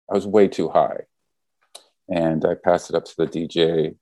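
A man who is a stand-up comedian, telling a story in casual chat in an animated way and swearing freely. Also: low voice, unhurried, no echo.

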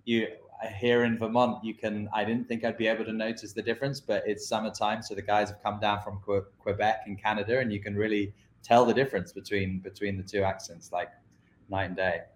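A man's voice: on the low side, flat delivery, a little fast, a little hiss or hum. London-accented man in an echoey room. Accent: British, London. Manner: friendly, fluent storyteller. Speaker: guest, company co-founder. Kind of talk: interview conversation.

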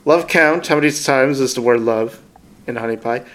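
A man's voice: medium pitch, moderate pace, noisy background. A man co-hosting a podcast in casual chat, rambling through anecdotes and laughing often. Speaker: podcast co-host.

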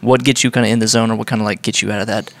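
A man's voice: on the low side, steady tone, rapid-fire, fairly bright tone. A man interviewing a chef, asking long rambling questions filled with "like".

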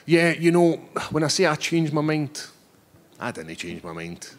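A man's voice: a little high, very animated, unhurried, slight background noise. Cheeky Scottish fighter in his thirties. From Scotland. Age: 30s. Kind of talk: post-fight press scrum.

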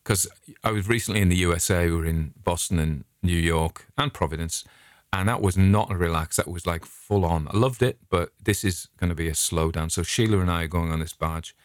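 Deep-voiced English man rambling chattily. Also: brisk, dry recording, studio quality. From England. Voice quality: chatty anecdotal storyteller, digressive. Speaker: vlogger. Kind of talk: casual rambling monologue.

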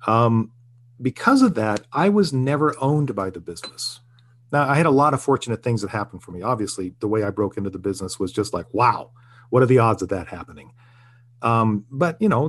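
This older man, a TV writer and producer, is a guest in a casual interview, speaking fast in a low, animated voice over slight background noise. He tells stories reflectively and earnestly, often restarting sentences and chuckling.

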